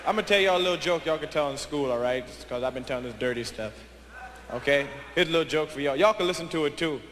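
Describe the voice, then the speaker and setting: A man doing stand-up comedy, bantering loudly and brashly with the crowd in a big concert hall. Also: fairly high pitch, quick pace. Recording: echoey hall with loud crowd and noise.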